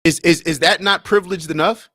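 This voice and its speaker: Young guy on a livestream reading chat comments, kinda high voice, dry close mic. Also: steady tone, fairly quick, bright, forceful tone, dry recording. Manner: conversational, reads viewer comments aloud; argumentative, uses sports comparisons. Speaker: livestream host.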